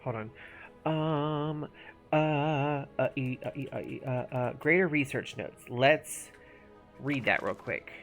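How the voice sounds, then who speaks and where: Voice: mid-range voice, takes it slowly, fairly bright tone, faint music behind. A gaming streamer chatting casually while playing, thinking aloud and sometimes mumbling. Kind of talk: casual live-stream commentary.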